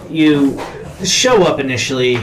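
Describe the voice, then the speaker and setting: A man in casual podcast chat, swearing freely as he retells movie scenes with animated energy. He jumps into loud acted-out shouts, then drops back into his easy mid-pitched talk. A faint noise floor sits under the voice. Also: measured pace. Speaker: podcast co-host.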